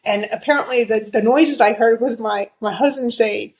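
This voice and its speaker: A woman's voice: fairly high pitch, moderate pace, rough recording. A middle-aged woman, a podcast guest, telling a story in a chatty way, full of fillers and acted-out quotes. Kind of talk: casual storytelling.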